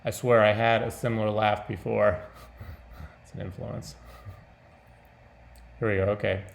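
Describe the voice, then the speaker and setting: A man's voice: fairly low pitch, level tone, moderate pace, gravelly, pauses often. A man talking off the cuff in a casual vlog, rambling, breaking off mid-thought and laughing often.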